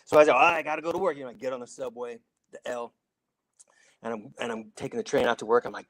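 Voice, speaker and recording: A man's voice: medium pitch, fast, a bit bright, no echo, poor audio. A middle-aged man from Saint Louis, an actor guest telling rambling stories with many restarts and acted-out quotes. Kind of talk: casual storytelling.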